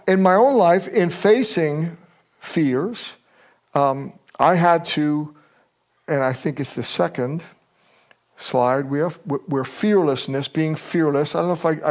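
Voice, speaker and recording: An older man preaching a sermon as pastor, telling stories with energy and acting out the people he quotes. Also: fairly high pitch. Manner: animated storyteller, acts out quotes.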